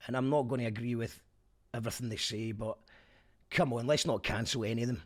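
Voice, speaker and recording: A man's voice: medium pitch, brisk. Chatty Scottish man reviewing a gig. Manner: chatty, wry asides. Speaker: podcast host. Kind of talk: casual spoken review.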